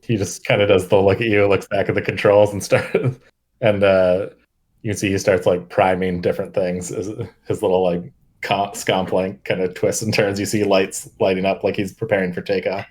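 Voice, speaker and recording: A man with a fairly low voice narrates a tabletop game as its game master. He rambles through his descriptions with plenty of fillers and breaks into frequent laughter. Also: little pitch movement, normal speed, a little mellow.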